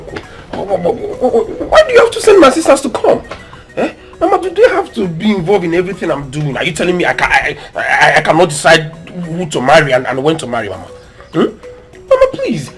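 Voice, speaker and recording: A man's voice: a little high, sing-song, a little fast, a bit bright, soft background music. An actor with a Nigerian accent playing a young man pleading with his mother to treat him as grown. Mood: exasperated. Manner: exasperated, pleading. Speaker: son.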